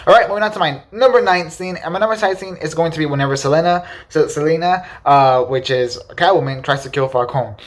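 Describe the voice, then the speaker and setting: A man's voice: on the high side, fast talker, hardly any pauses. A man giving a casual, enthusiastic spoken film review, leaning on fillers and repeating words for emphasis. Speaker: movie reviewer.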